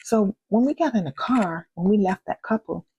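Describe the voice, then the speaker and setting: A woman's voice: medium pitch, lively intonation, normal speed, warm tone, slightly rough, rough recording. An older woman hosting a vlog, telling a personal story in an emphatic, repetitive, heartfelt way. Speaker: vlog host.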